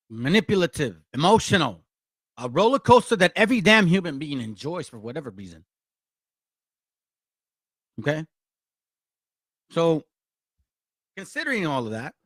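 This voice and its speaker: A man's voice: high voice, bright, forceful tone, no room sound, studio quality. A man, hosting a blunt, confrontational and profane commentary for viewers. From Mexico. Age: 40s. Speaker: channel host.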